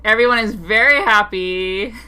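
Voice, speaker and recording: A woman's voice: medium pitch, moderate pace, bright, forceful tone. A woman co-hosting a casual podcast chat, laughing often and talking in loose, hedging run-on sentences. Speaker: podcast co-host.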